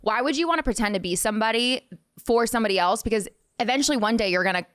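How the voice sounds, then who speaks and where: Woman, casual podcast chat, relaxed, reflective, dry close mic. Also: on the high side, smooth, no echo. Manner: relaxed, reflective, quick to agree. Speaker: podcast co-host.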